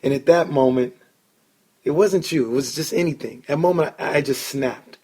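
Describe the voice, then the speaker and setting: A man hosting a casual sports podcast, an excitable storyteller who swears when he gets worked up. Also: medium pitch, moderate pace, breathy edge. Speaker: podcast host.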